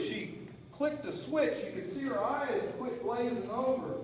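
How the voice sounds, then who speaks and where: A man working as a horse trainer, calmly explaining to viewers while soothing a horse in an arena. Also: sits high, a little slow. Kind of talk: training demonstration with commentary. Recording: echoey, distant from the mic, with faint noise.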